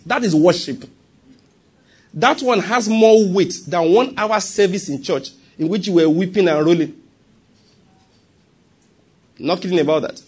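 A man with a Nigerian accent preaching a sermon, animated, with laughing asides and softly acted prayers. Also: high voice, normal speed, pauses often, breathy edge.

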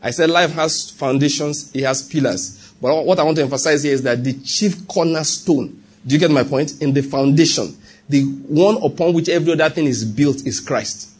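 A man's voice: fairly high pitch, moderate pace, a little mellow, husky. A man preaching a sermon as pastor, repeating his points and checking in with the congregation.

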